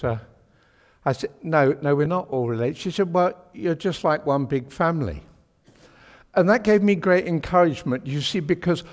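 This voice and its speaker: A man preaching a sermon in a church, chatty, wry and emphatic. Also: mid-range voice. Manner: chatty, wry and emphatic, with homely British turns of phrase. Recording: long hall reverb of a church.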